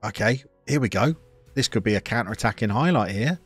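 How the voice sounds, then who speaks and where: A man live-streaming a football management game, chatting to viewers and reacting loudly to the play. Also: on the low side, lively intonation, a little fast, breathy edge, faint music behind.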